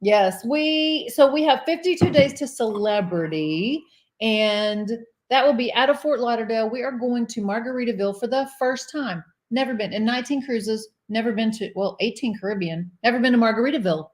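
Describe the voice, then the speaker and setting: A middle-aged woman talks in a somewhat high voice as she co-hosts a casual cruise live stream. She chatters along, laughs easily and reads out comments from viewers. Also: normal speed. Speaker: cruise vlogger co-host.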